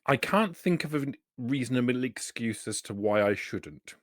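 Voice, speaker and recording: A man's voice: medium pitch, lively intonation, normal speed, natural voice. A man voicing an eager, polite male robot dog with prim, proper speech.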